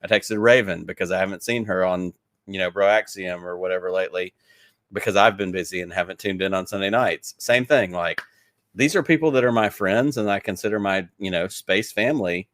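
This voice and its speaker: A man with a Southern US accent speaks in a low voice, recorded close and dry with no room sound. He rambles eagerly through his stories, leaning on "like" as he goes. It sounds like a relaxed podcast interview. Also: fairly quick, no room sound. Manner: enthusiastic rambling storyteller, many "like"s. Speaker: podcast guest. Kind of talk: casual interview chat.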